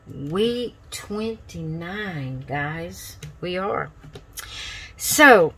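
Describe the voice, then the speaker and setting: A woman hosting a casual craft vlog, tired and chatting in an unhurried, rambling way. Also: medium pitch, bright, forceful tone. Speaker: craft channel host.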